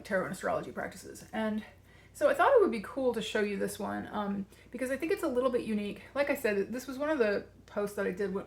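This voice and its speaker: A woman's voice: mid-range voice, creaky. A woman speaks in a middle-range voice, short of breath as she talks. She rambles in a chatty way through a casual video walkthrough of a tarot practice. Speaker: tarot coach and channel host.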